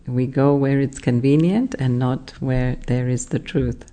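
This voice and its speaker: A spiritual teacher giving a measured class talk, explaining ideas and asking the listeners rhetorical questions. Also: mid-range voice, steady tone, dark tone.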